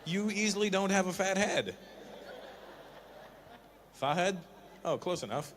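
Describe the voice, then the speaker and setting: A middle-aged man doing stand-up, teasing audience members in quick back-and-forth crowd work. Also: high-pitched, animated, fairly bright tone, slight background noise. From Canada. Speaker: stand-up comedian.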